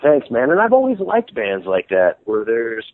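A middle-aged man with a medium-pitched voice talks at a normal speed but swings hugely in pitch. He's a guitarist and band member being interviewed casually, rambling animatedly and restarting often, on a dry, tinny phone-like line.

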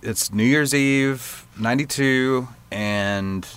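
A man's voice: medium pitch, slow pace, a bit bright, smooth. Easygoing man musing aloud. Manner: easygoing, thoughtful, rambling musing. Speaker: podcast co-host. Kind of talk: casual chat.

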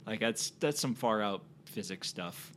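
Podcast host with a lively, animated voice; curious, questioning and encouraging. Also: mid-range voice, a little slow, a little hiss or hum. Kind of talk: casual chat.

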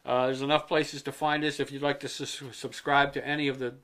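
A man's voice: medium pitch, flat delivery, a little fast, a bit bright. A man hosting a casual podcast, rambling and joking with crude language. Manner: rambling, joking, profane storyteller. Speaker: podcast host.

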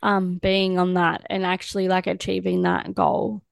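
A woman, hosting a podcast interview with relaxed, rambling questions. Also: on the low side, normal speed, vocal fry, no echo, clean studio sound. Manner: relaxed, filler-heavy questions. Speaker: podcast host. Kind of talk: casual interview chat.

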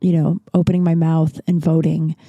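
Solo podcast host, woman, mellow voice, heated and profane, recorded dry in a closet. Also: deep voice, flat delivery, normal speed, dry recording, muffled recording. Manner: heated, frustrated, swears often. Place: her closet.

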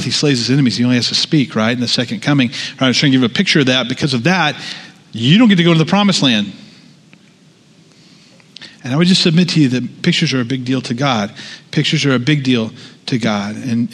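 In a hall with long reverb, a pastor preaches a sermon conversationally, full of asides and restarts. His voice is mid-range and a touch bright.

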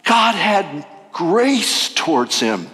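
Animated high-voiced male preacher. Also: extremely slow, in a large hall. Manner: animated, acts out voices and jokes. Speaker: pastor. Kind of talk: sermon.

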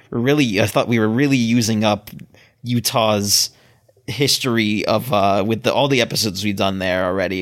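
A man from Maryland co-hosting a casual chat podcast, talking in a rambling way with halting restarts. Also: on the low side, a bit bright. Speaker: podcast co-host.

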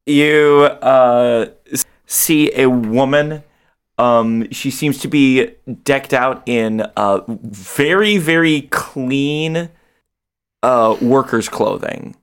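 A man narrating a tabletop game as game master, animated and often laughing. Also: drawn-out words, smooth. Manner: animated, breaks into laughter and high squeals.

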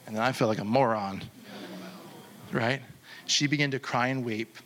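A man preaching a sermon as pastor, telling a story with animated quoted voices and slowing to a hushed close. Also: crowd noise. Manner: animated, acts out quoted voices with sudden high jumps; drops to slow, hushed delivery for the closing appeal.

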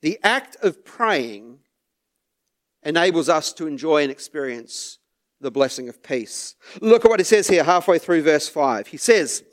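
Male pastor mid-sermon; higher register, takes his time, chuckles softly between points. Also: big pitch swings. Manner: unhurried, with soft laughs and repeated words.

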